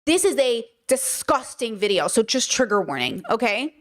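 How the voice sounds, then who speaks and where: A woman's voice: fairly high pitch, very animated, normal speed. A woman hosting a podcast, giving blunt, profane and heated commentary on video clips. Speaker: podcast host reacting to clips. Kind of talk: casual commentary.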